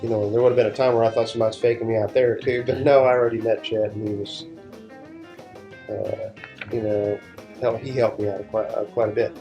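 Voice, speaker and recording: A man's voice: lowish voice, flat delivery, brisk, mellow, muffled recording, faint music behind. A man guesting on an interview, telling rambling stories in casual talk and often restarting his sentences. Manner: rambling, restarts sentences, laid-back storytelling. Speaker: session guitarist, interview guest.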